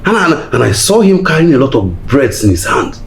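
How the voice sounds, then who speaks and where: Concerned friend, Nigerian accent, lively mid-pitched voice, faint noise. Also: male voice, moderate pace, vocal fry. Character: concerned male family friend.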